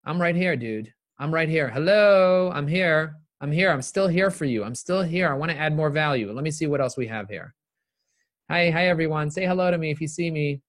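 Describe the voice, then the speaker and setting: Middle-aged male motivational speaker on a live video call, high-set voice, repeats himself for emphasis. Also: animated, normal speed, no room sound, clean studio sound. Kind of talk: live-streamed motivational talk answering viewer questions.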